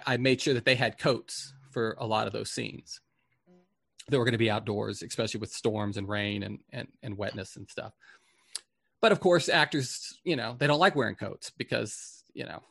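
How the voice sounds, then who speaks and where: A man's voice: medium pitch, gravelly, fairly bright tone, no room sound, studio quality. A man, a film director, telling candid stories from set in a casual interview and swearing freely. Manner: candid, swears casually, acts out quoted people. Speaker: film director as podcast guest.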